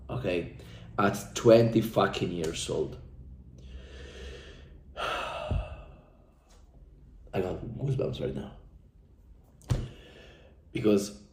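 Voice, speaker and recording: Young man, dark mellow tone, fervent repetitive testimonial, echoey room. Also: on the low side, a little hiss or hum. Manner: intense, profane, repetitive, speaks from the heart. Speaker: coaching client giving a testimonial. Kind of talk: emotional motivational testimonial.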